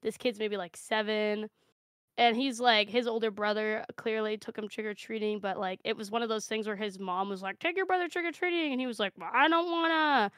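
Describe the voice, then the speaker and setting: A woman telling an improvised comic story with brash, deadpan delivery and free swearing. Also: medium pitch, a little fast, smooth, no echo, studio quality. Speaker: panelist.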